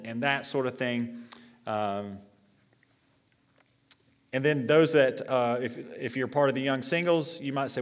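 A middle-aged male pastor preaching a sermon in a relaxed, conversational way, with fillers and restarts, and rising in force when he reads scripture aloud. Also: medium pitch. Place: church sanctuary. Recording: long reverb of a church hall.

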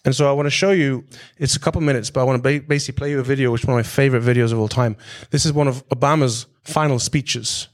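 A man's voice: mid-range voice, steady tone, fast, hardly any pauses. A man giving a business presentation in a direct, conversational way. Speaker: speaker giving a business talk.

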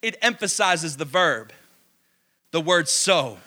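A man's voice: fairly high pitch, lively intonation, takes it slowly, bright, forceful tone. A man preaching a sermon, emphatic, asking questions and answering them himself, stretching key words.

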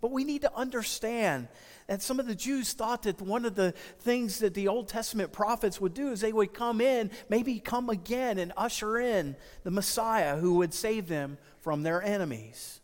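A man preaching a sermon as pastor, earnest and emphatic, slowing down to stress key phrases. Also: sits high, long reverb tail.

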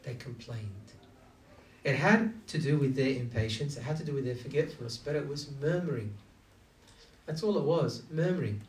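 A mid-range male voice, moving a little fast, delivers a conversational sermon that engages listeners through numerous rhetorical questions. It's recorded in an echoey room with the speaker distant from the mic.

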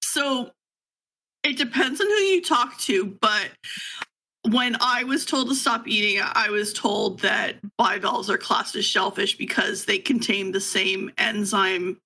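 A woman's voice: mid-range voice, unhurried, rough recording. A woman in her thirties co-hosting a podcast, sleepy and laughing as she chats casually. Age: 30s. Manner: laughing, animated storytelling. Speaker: podcast co-host. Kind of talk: casual chat.

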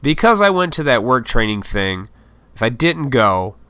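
A man's voice: medium pitch, very animated, normal speed, bright, forceful tone, clear, resonant tone, dry recording. A man in his thirties, a YouTuber, in a casual, rambling, profane vlog monologue. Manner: rambling, profane, laid-back, self-deprecating.

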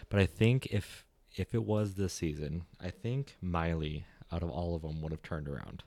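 A man's voice: sits low, moderate pace, few pauses, darkish tone, no room sound. A man co-hosting a podcast, chatting casually and retelling things he has watched. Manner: chatty, retells clips with quoted voices. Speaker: podcast co-host. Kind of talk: casual chat.

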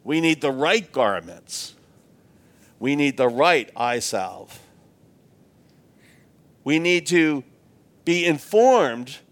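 A man preaching a sermon in an earnest, reflective way, often repeating words as he restarts. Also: mid-range voice.

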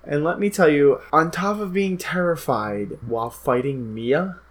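A man's voice: a little high, a little slow. A man co-hosting a casual podcast chat, telling game stories with lots of swearing and animation. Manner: profane, animated storytelling. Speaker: podcast co-host.

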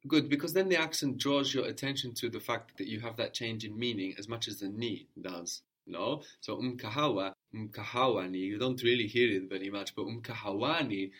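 A man teaching a language lesson, repeating each answer back slowly and checking understanding with a questioning "no?". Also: lowish voice, fairly bright tone.

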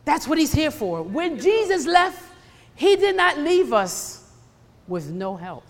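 A woman preaching a sermon, emphatic and animated, swinging between loud bursts and hushed asides. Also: high voice, slow pace, in a large hall.

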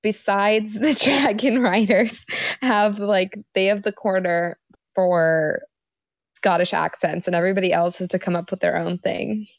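An American woman co-hosting a casual podcast chat, talkative and quick to laugh. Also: mid-range voice, fairly even intonation, no echo, highs cut off. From United States. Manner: giggly, talkative. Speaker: podcast co-host.

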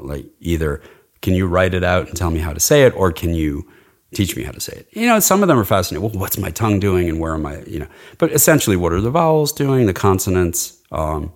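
Middle-aged male dialect coach, very low voice, chatty and rambling. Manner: enthusiastic, rambling, demonstrates sounds. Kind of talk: casual interview chat.

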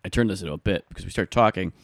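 A man's voice: deep voice, rapid-fire, creaky, no echo, studio quality. A man, a comedian and personal trainer, telling stories in casual chat and acting out the people in them. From New York family background. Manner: animated storyteller who acts out quoted people. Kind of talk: casual podcast chat, storytelling.

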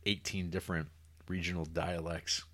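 A man's voice: sits low, little pitch movement, moderate pace, a bit bright. A man hosting a podcast, chatting casually and rambling with a lot of stammered restarts. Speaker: podcast host. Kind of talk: casual chat, reading listener emails.

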